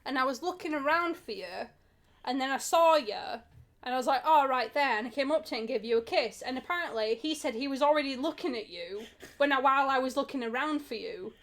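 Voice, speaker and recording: A woman's voice: sits high, animated, a little fast, a bit bright. A woman chatting casually and frankly, rambling, swearing and giggling as she talks. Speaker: co-host. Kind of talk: casual chat.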